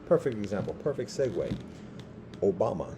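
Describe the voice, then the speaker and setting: Man, fifties, low-pitched, halting and repetitive, faint background hum. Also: big pitch swings. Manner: halting, repeats words and restarts sentences. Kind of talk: rambling personal monologue.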